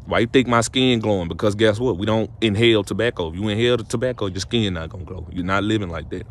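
Speaking fast in a fairly low voice, a young man offers relationship advice to camera in a casual, motivational way. He repeats himself and preaches, climbing toward emphatic high points.

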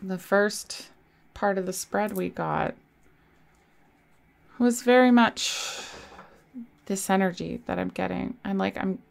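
A woman giving a casual tarot reading into a desk microphone, soft and reassuring, with sighs and small laughs. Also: medium pitch, slow pace, creaky, pauses often. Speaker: tarot reader.

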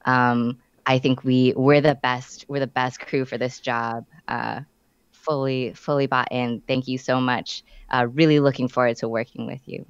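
A woman's voice: a bass voice, steady tone, a little slow, clean tone, dry recording, highs cut off. A woman playing an adventurer in an online tabletop game, eager and salesy, rambling with fillers. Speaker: player. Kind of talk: in-character pitch as adventurer.

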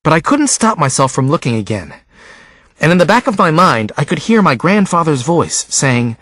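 A man narrating a novel in the first person as an audiobook reader, with an expressive, unhurried delivery. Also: on the high side, no echo.

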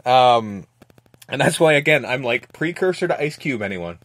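A man hosting a podcast, casually recapping a movie with lots of swearing and quick acted-out lines. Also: mid-range voice, expressive, a bit bright, no echo. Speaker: podcast host.

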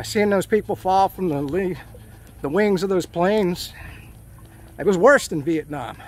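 Rambling middle-aged man ranting outdoors. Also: high-pitched. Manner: emotional, ranting, with frequent fillers. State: hot and sweaty from walking. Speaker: vlogger. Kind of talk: casual walking vlog. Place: outdoors in a park, walking.

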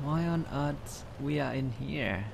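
A man from Australia co-hosting a casual gameplay video, talking in a playful, halting way. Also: mid-range voice, creaky, background noise. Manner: playful, halting, stops to laugh. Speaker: co-host gamer.

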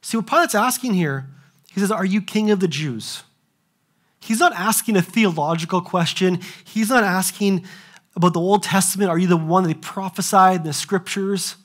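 A young adult man preaching a sermon as pastor, animated, asking rhetorical questions and acting out the voices he quotes. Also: high-pitched, normal speed.

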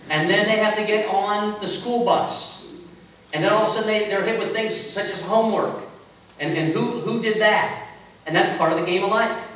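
A man preaching a sermon as a pastor, telling stories in a relaxed, conversational way with self-mocking humor. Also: high voice. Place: large echoey church sanctuary. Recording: echoey hall from far off with faint hiss.

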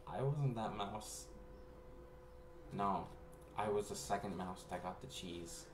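A man telling a rambling personal story to his viewers. He laughs often and swings between hushed asides and excited bursts. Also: on the low side, slow pace, pauses often. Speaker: spiritual reader and vlogger. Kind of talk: casual rambling storytelling to camera. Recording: echoey room with faint background noise.

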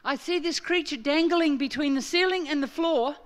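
This guest preacher is a middle-aged Australian woman whose high-pitched voice moves at a moderate pace. During her sermon she tells a story and brings her own quoted words to life with animation.

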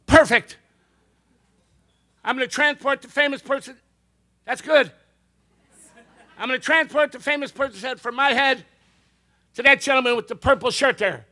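A man's voice: very high-pitched, normal speed, pauses often, sharp tone. A man performing stand-up comedy and magic on stage, telling jokes with punchy timing and brief character voices.

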